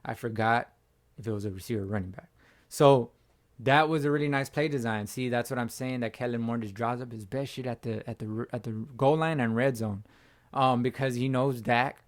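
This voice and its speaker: Hoarse man doing casual sports reaction talk. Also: mid-range voice. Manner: slangy, talks like chatting with a buddy. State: hoarse from screaming. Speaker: fan channel host.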